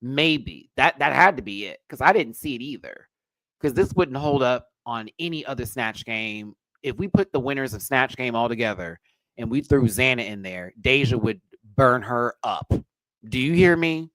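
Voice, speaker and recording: A man hosting a live review show, ranting bluntly and with swearing, his voice swinging from quiet mutters to loud high outbursts. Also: expressive, moderate pace, no room sound, rough recording. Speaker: drag race reviewer and channel host.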